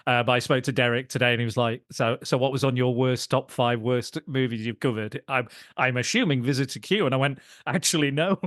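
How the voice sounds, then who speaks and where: A man hosting a casual film podcast, rambling and restarting his sentences, quick to laugh. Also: mid-range voice, a bit bright, dry recording, clean studio sound. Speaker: podcast host.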